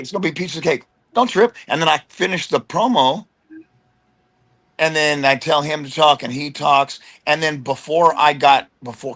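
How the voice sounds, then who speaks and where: A middle-aged man from the United States, a wrestler guest telling stories in an animated, slangy way and slipping into quick impressions. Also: mid-range voice. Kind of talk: casual storytelling chat.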